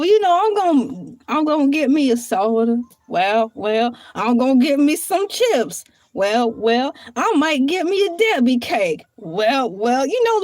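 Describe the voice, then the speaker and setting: A woman's voice: sits high, no room sound. A woman hosting a casual livestream, chatty and playful, who laughs often and drifts from one topic to the next. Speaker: livestream host.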